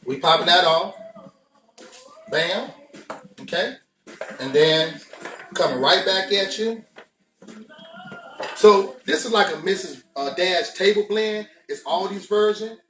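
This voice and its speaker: A man's voice: high-pitched, slow pace, long pauses, fairly bright tone. Laid-back man cooking in an echoey kitchen. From United States. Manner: laid-back, chatty, addresses viewers directly. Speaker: cooking show host. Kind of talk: casual cooking demonstration. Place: home kitchen. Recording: echoey room, mic at a distance.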